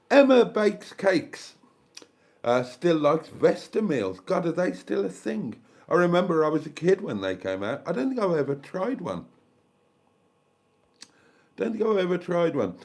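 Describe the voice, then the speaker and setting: A man's voice: a little high, darkish tone. An older man with a South Welsh accent, hosting a live stream in casual chat, rambling as he thinks aloud and thanks viewers. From South Wales.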